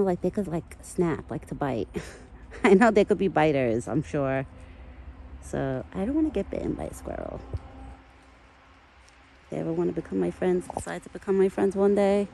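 A woman talks casually outdoors in a foggy forest, her pitch swinging widely as she coos pet talk at an animal. Her voice is mellow and dark in tone. A faint outdoor hiss sits behind her. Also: gravelly, poor audio. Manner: chatty, talks to the deer in affectionate pet talk. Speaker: vlogger feeding a wild deer.

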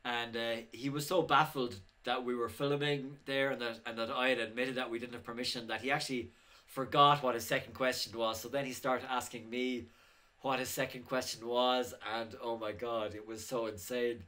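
A man with a bright, forward voice chats casually on his filmmaking vlog. He wanders through rambling anecdotes, chuckling often and leaning on plenty of "uh"s and restarts. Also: mid-range voice, fairly even intonation, normal speed. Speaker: indie filmmaker.

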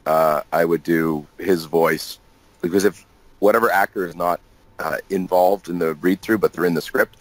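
A man's voice: low-pitched, fairly even intonation, moderate pace, dry recording, rough recording. A man being interviewed as a guest actor, telling loose, jokey stories in casual chat with plenty of laughs and restarts.

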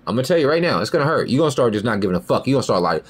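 A man's voice: mid-range voice, very animated, rapid-fire. A young man hosting a podcast in a rambling, profane casual monologue, often asking "you feel me". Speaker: podcast host.

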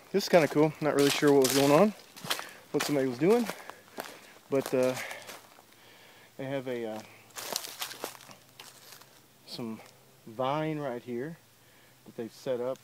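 A man's voice: medium pitch, noisy background. A man filming himself while hiking outdoors on a wooded trail, talking casually with lots of uh and um, a little out of breath. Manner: rambling, many fillers like uh and um. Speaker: hiker filming his trip. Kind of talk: casual walking vlog. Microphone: handheld camera while walking.

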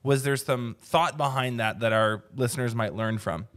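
A man's voice: medium pitch, normal speed, a bit bright. A man hosting a business podcast, asking long, wandering questions with curiosity. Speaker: podcast host. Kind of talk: podcast interview.

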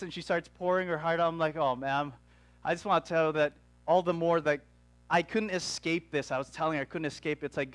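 A young man preaching from the pulpit, his voice sitting high for a man. He tells his story in an animated way, tossing in quick asides. The sound is dry and close. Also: no echo. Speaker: pastor. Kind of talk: sermon. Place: church.

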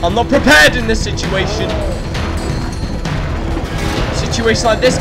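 A man doing excitable let's-play commentary, yelling and trash-talking the enemy as he plays. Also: high voice, moderate pace. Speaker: gaming YouTuber. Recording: game music loud behind the voice.

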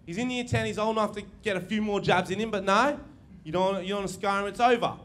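A young man doing crude, animated stand-up storytelling on stage, acting out voices. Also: high voice, quick pace. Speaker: stand-up comedian. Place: live comedy venue with audience. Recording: noisy live room recording.

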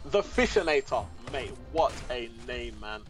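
A man's voice: mid-range voice, big pitch swings, a little slow, faint music behind. A man co-hosting a game livestream, reading out donation messages and laughing often between them. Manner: giggly, reads messages aloud between laughs. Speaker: guest co-commentator reading donations. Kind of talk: casual livestream chat.

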